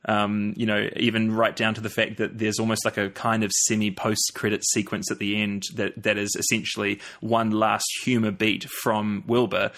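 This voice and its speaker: A man co-hosting a podcast, chatting casually about a film, animated and quick to laugh. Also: on the low side. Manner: animated, laughs often, does mock voices. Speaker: podcast co-host.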